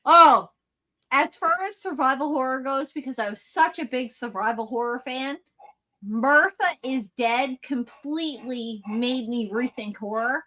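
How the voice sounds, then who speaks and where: Bright high-voiced blunt woman. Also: unhurried, poor audio. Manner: animated, blunt, swears casually. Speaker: podcast co-host. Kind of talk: casual chat.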